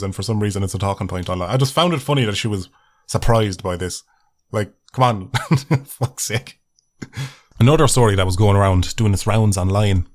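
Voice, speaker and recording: Sweary ranting man. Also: mid-range voice. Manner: sweary, mocking, laughs often. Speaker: comedy vlogger. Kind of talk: casual ranting monologue.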